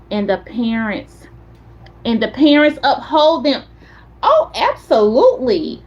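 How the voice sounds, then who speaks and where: Woman, high voice, animated storyteller, dull lo-fi audio. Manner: chatty, animated storyteller, talks straight to viewers. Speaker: content creator host. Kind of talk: casual livestream chat.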